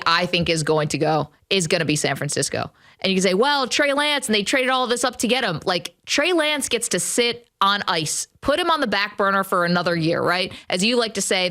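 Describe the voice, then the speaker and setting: A woman's voice: medium pitch, fairly bright tone. A woman co-hosting a sports talk show from a studio, making opinionated, emphatic football takes with frequent laughter. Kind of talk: casual sports debate.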